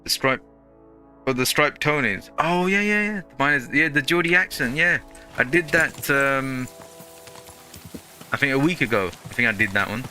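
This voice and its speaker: A man's voice: mid-range voice, animated, moderate pace, pauses often, sharp tone, soft background music. A man hosting a gaming channel, chatting casually through gameplay in a rambling way full of fillers.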